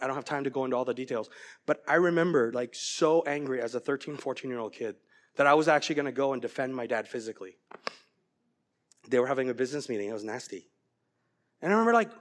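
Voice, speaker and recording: A middle-aged man preaching a sermon as pastor, earnest and growing animated as he tells a story. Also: mid-range voice.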